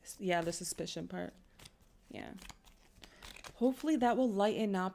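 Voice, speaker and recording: A woman's voice: mid-range voice, normal speed, creaky, warm tone, a little hiss or hum. Rambling woman giving a tarot reading. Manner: rambling, chatty, full of "like" and "you know". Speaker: tarot and astrology reader. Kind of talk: casual collective reading.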